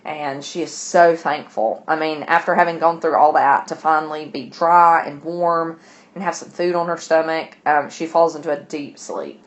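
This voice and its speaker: A woman's voice: deep voice, steady tone, normal speed. A woman teacher casually retelling a novel's chapters for her class, chatty, with asides to listeners. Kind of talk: casual book discussion lesson.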